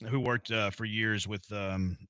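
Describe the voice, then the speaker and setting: A man's voice: on the low side, fairly even intonation, a little slow, fairly bright tone, smooth, dry recording. A man hosting a sports radio show, joking around in playful, casual banter with his co-host. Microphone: studio microphone.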